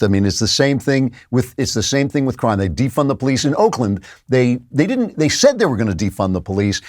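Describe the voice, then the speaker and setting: Older male opinion host, sardonic and scoffing, animated delivery, dry close mic. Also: medium pitch, no echo. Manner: sardonic, laughs at opponents, mocking voices in quotes. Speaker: political commentary host. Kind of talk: opinion show monologue.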